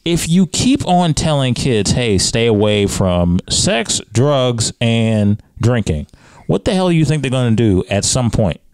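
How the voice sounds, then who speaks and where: A man hosting a casual podcast conversation, leading with questions and pitching up when he presses a point. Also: animated, unhurried, darkish tone, no echo. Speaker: podcast host.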